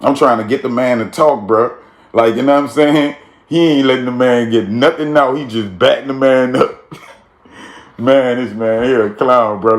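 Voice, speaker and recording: A man telling a street story in a casual, slangy way, with frequent "you feel me" tags. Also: medium pitch.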